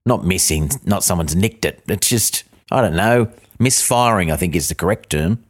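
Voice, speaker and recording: A middle-aged Australian man telling a swearing, ranting comic story, breaking into high outbursts. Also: expressive, moderate pace. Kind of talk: comic monologue.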